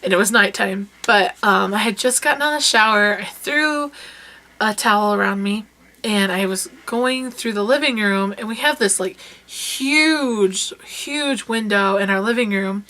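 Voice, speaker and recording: A young woman vlogger casually telling personal stories, animated and sometimes breaking into loud yelling as she retells them. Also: mid-range voice, a little slow. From rural United States. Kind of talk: casual storytelling chat.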